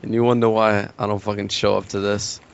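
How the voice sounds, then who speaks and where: Man, podcast guest; gravelly low voice; curt; lo-fi, hissy line. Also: flat delivery, brisk. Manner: blunt, curt, swears. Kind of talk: casual gaming podcast chat. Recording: dull lo-fi audio with clear hiss.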